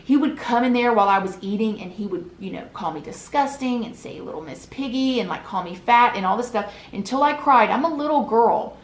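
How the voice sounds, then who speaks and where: A woman's voice: a little high, animated, a little fast, few pauses. A woman, a vlogger telling an emotional story from her childhood in an earnest, confiding way, often asking the listener "right?". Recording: echoey room.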